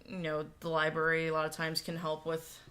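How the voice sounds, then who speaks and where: A woman's voice: low voice, monotone, fairly quick, sharp tone. A woman co-hosting a casual livestream chat in an easygoing, practical way, laughing often. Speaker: co-host.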